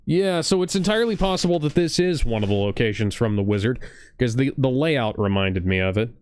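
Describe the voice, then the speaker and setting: A man's voice: medium pitch, animated, a little mellow, smooth, no room sound. A man co-hosting a watch-along show, riffing casually with crude jokes and asides. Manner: joking, crude, quick asides. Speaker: podcast co-host.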